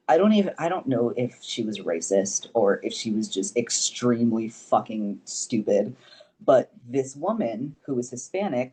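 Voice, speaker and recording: A young man, a podcast guest, telling stories in casual chat, animated and swearing freely. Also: medium pitch. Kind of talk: casual storytelling.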